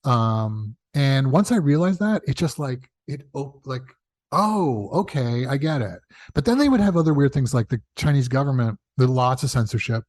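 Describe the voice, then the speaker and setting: A man talks in an easygoing interview, spinning stories with lively energy. He slips into quoted voices, corrects himself as he goes, and laughs at his own asides. His mid-pitched voice is caught dry and close to the mic, with no room sound. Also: moderate pace, hardly any pauses, no room sound. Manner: animated, acts out quoted dialogue with big pitch jumps. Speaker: guest, television showrunner. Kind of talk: casual interview storytelling.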